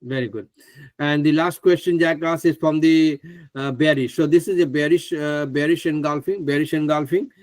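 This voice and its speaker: A man's voice: on the high side, steady tone, moderate pace, a little mellow, dry recording. Chatty man teaching a live trading class. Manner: chatty, exclaims and laughs often; stumbles over names, asks others to pronounce them. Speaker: trading course presenter.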